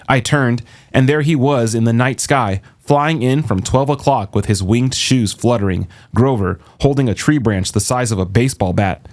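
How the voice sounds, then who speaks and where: A man narrating an audiobook in the first person with a steady, measured delivery. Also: medium pitch. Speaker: audiobook reader.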